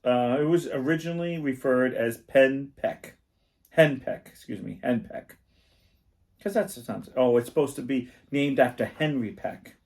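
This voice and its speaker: A man's voice: medium pitch, moderate pace, darkish tone. A man co-hosting a casual comedy podcast, joking and laughing as he reads out strange place names. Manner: jokey, laughs often, reads place names with crude puns. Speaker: podcast co-host.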